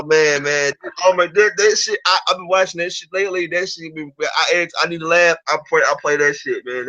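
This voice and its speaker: A man chatting casually on a stream, telling an animated story full of profanity and restarts. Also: on the high side, poor audio. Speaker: stream co-host. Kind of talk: casual chat.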